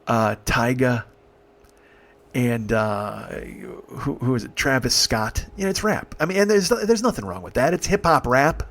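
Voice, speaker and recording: A man's voice: medium pitch, animated, measured pace, a bit bright. Brief: comedian in his 40s, profane rambling storyteller, middle-range voice. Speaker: comedian host. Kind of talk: comic storytelling monologue.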